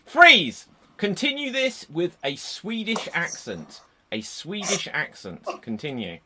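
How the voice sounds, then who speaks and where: Lively man hosting improv. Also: high-pitched, slow pace, noisy background. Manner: shouts "Freeze!" then gives loud, lively instructions. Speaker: improv host. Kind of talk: calling scene changes in a live improv show. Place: home, streamed over a video call. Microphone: computer mic on a video call.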